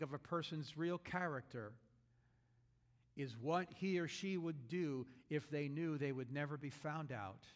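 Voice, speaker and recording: A male pastor with a notably high speaking voice delivers a sermon. His manner is conversational, full of asides and restarts, and he drops in small jokes between scripture readings.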